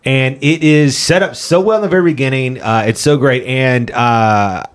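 A man's voice: medium pitch, moderate pace. A man co-hosting a casual podcast, talking through shows and movies with many fillers and restarts. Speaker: podcast co-host.

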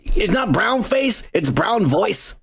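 A man's voice: sits high, sing-song, takes it slowly, creaky, fairly bright tone, slight background noise. A man co-hosting a podcast, chatting casually over beers, profane and loose, often laughing. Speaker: podcast co-host.

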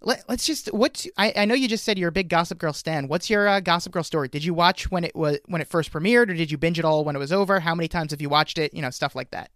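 A man hosting a casual podcast, talking in a halting way with many fillers and restarts. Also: a little high, fairly bright tone, no room sound, clean studio sound. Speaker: podcast host.

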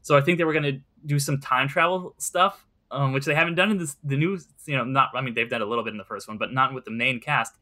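Bright-voiced young man, rambling earnestly. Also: mid-range voice, fast, few pauses. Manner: rambling, lots of fillers, earnest. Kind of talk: casual podcast chat about movies.

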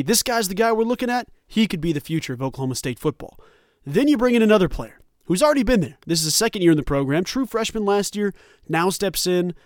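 A man hosting a college football commentary show, talking in an animated, emphatic and sarcastic way. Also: sits high, no room sound, clean studio sound. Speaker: sports show host.

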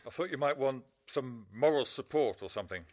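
This radio-drama actor has a medium-pitched, expressive voice that's a little fast and close to everyday speech. He plays a relaxed adult man, the woman's partner, who kids around breezily and drops into a put-on Italian accent.

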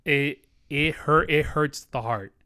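Guy hosting a podcast chat, bright clean voice, earnest, keeps things moving. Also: fairly high pitch, slow pace, clean tone. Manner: steers the talk, earnest and heartfelt. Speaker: podcast co-host. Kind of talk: casual chat about a musical.

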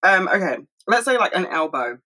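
A young woman talking fast and rambling in a casual monologue at home, swearing freely. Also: lowish voice, very animated, pushed and bright, rough recording. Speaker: solo podcast host.

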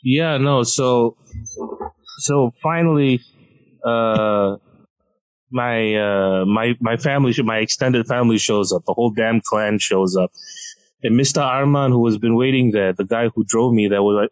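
A man casually telling a funny story on a podcast, lively and acting out the people in it. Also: measured pace, poor audio. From Malaysia. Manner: animated, acts out quoted people with big pitch jumps.

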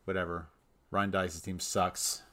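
A man's voice: low-pitched, flat delivery, a little slow, sharp tone, a little hiss or hum. A man co-hosting a casual podcast, ranting in frustration and laughing at himself. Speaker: podcast co-host.

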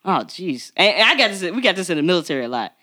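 A woman co-hosting a podcast in casual chat, animated and laughing often. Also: very fast. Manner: animated, laughing often, jumps to very high pitch. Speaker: podcast co-host.

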